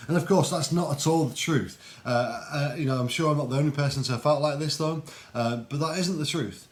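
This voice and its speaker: A man's voice: fairly high pitch, brisk. A man giving an earnest, reflective devotional talk, with frequent ums and restarts. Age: adult. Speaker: Christian video host.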